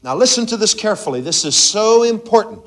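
A man preaching a sermon to a congregation, swinging from loud emphatic lines to hushed, intimate asides. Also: lively intonation, quick pace. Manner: preaching with sweeping swings in pitch and loudness, drops to near-whisper asides. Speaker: pastor.

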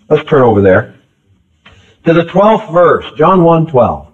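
A man with a fairly high voice preaches with great animation but at a measured pace, captured on an old tape that sounds tinny and phone-like. He repeats key phrases emphatically and calls questions out to the congregation.

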